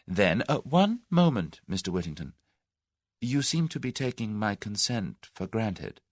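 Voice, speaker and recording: A man reading an audiobook voices a spirited, wary young Englishwoman, raising his voice and giving quick, plucky retorts. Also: fairly low pitch, sing-song, no echo, clean studio sound, voice pushed up.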